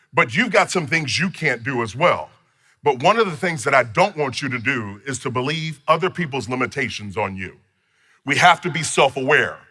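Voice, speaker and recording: A man with a bright, forceful voice teaching personal finance. He talks emphatically and tells stories with playful asides, sitting a little higher in pitch than most men. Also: husky. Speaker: financial course instructor. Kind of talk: motivational teaching talk.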